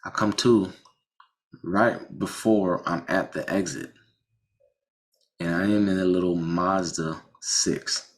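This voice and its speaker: Deep-voiced man telling a crash story. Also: takes it slowly, long pauses. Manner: animated, swearing, frequent restarts and "I'm like" asides. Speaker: faith vlogger telling a personal story. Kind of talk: casual storytelling.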